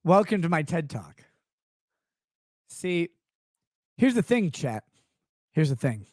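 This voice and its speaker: A man's voice: a little high, very animated, slow pace, a little mellow, dry recording, clean studio sound. A man hosting a livestream, ranting in a rambling, sarcastic and profane way into a desk microphone. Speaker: show host. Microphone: streaming desk microphone.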